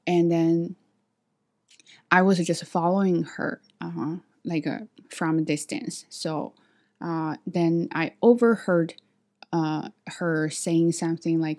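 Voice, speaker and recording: A woman telling a story to camera in a vlog, hesitant with many fillers and restarts, animated when she acts out what others said. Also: on the low side, slow pace. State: sweaty after a walk. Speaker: vlogger.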